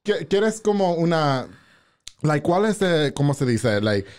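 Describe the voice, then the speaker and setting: A man hosting a podcast in a casual interview chat, switching between English and Spanish mid-sentence, pausing to search for words and laughing often. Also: on the high side, big pitch swings, a little mellow, clear, resonant tone. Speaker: podcast host.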